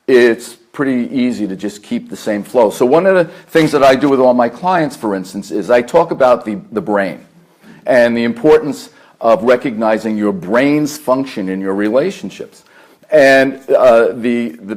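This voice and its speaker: A man with a New York accent, a therapist lecturing a meditation group, earnest and deliberate, stacking repeated phrases with fillers. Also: medium pitch, darkish tone. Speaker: therapist giving a talk. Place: meditation center hall.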